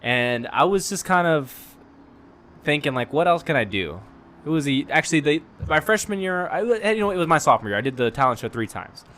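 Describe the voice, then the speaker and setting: A man's voice: on the high side, big pitch swings, a little fast, a bit bright, slight background noise. A young man, a podcast guest who chats easily and laughs a lot. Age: young adult. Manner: laughs often, easygoing storyteller. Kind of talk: casual chat.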